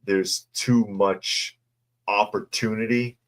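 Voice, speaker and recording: A man's voice: fairly low pitch, steady tone, slow pace. A man hosting a casual news commentary show, reading articles and viewer chat with sarcastic, mocking asides. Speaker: host.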